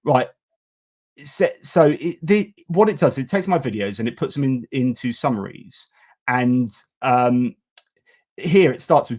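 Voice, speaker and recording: A man's voice: medium pitch, expressive, a little slow, darkish tone. A man hosting a live news stream, talking casually and with strong opinions, with many fillers and restarts.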